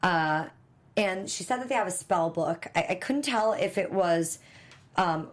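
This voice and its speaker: A woman's voice: on the low side, expressive, moderate pace. A woman co-hosting a fan after-show, recapping an episode in casual chat, rambling with lots of ums and uhs. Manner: rambling, filler-heavy storytelling.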